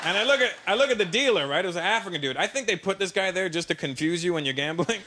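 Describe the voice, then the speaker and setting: A male stand-up comedian with a high, lively voice, animated and loud as he acts out characters. He is heard over a roaring live audience and heavy noise. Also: fast. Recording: live show with loud crowd.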